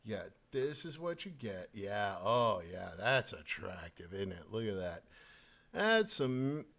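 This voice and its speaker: A man's voice: fairly low pitch, measured pace, creaky, a bit bright. A man hosting a podcast, ranting angrily about politics with constant swearing and scorn. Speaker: podcast host. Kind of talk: profane political rant.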